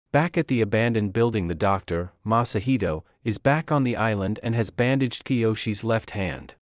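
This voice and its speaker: A man reads out an anime plot recap in an even, scripted narrating voice. His pitch sits in an ordinary middle range for a man. The sound is close and dry, with no room around it. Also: no room sound.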